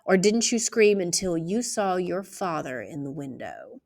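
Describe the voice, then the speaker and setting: A woman doing a calm patient lawyer man, measured probing questions, storybook reading. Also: on the low side. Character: calm, patient older male country lawyer.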